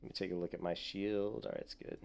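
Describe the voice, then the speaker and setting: A man's voice: sits low, little pitch movement, quick pace, gravelly, a little mellow. A man streaming a video game, chatting casually to his viewers in a rambling, self-mocking way with frequent chuckles. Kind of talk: casual gameplay commentary.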